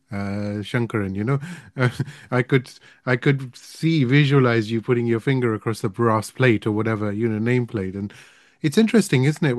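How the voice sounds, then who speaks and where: A man's voice: mid-range voice, no room sound, studio quality. A man hosting an interview, speaking reflectively and repeating words as he thinks. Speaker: interview host. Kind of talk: interview chat.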